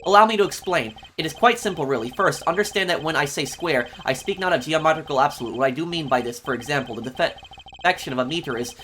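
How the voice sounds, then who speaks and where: Man voicing a lecturing pompous young witness, bright voice, game dialogue. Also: fairly high pitch, fast talker, close to an everyday voice. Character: pompous male student witness, fussy and long-winded.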